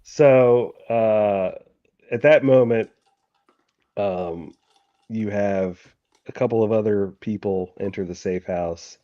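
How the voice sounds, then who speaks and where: A man runs a tabletop game in a low, mellow voice, pausing often and starting sentences over. The recording is dry and a bit dull, like a home mic. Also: no room sound. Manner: halting, many fillers and restarts. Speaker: game master.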